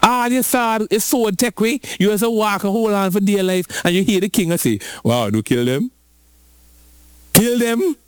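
A man preaching a lively sermon, switching into patois and drawing out lines slowly for emphasis. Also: sits high, clean tone, no room sound. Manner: animated, rhythmic preaching in patois-flavored speech.

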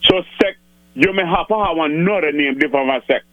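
Guy on the radio, slightly high voice, halting, repeats himself, dry sound. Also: dry recording, narrow, tinny audio. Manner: halting, repeats words, slips into island dialect. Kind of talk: casual radio chat.

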